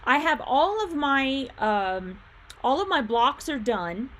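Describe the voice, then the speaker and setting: A woman with a slightly high voice hosts a relaxed livestream. She talks loosely, reads out viewer comments and thinks aloud as she works. She laughs easily and hums filler sounds between sentences. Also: slow, slight background noise. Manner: chatty, thinks aloud while fiddling with her screen. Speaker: livestream host and quilt shop owner. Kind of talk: casual livestream chat reading viewer comments.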